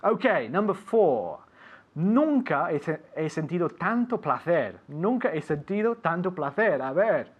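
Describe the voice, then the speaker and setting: Man teaching English, slow clear drills. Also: fairly high pitch, very animated, highs cut off. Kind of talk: radio English lesson.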